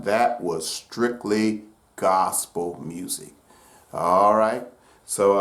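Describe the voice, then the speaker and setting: A man teaching gospel piano in a relaxed, folksy way, with many fillers and loud piano under his talk. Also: on the low side. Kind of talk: casual piano lesson. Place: room with piano. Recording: roomy echo over loud piano.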